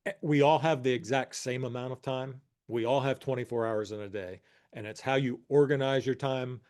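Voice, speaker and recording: A man's voice: mid-range voice, steady tone, moderate pace, darkish tone. A man in his sixties co-hosting a podcast, explaining ideas in a reflective, casual way. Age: 60s. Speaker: podcast co-host. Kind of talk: casual chat.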